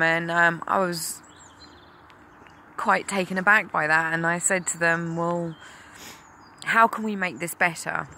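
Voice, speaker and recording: A woman from England speaks to camera about her cancer experience as a mother, candidly and with plenty of ums. Her voice is low, bright and forceful, with fairly even intonation and a slightly slow pace. There's slight background noise.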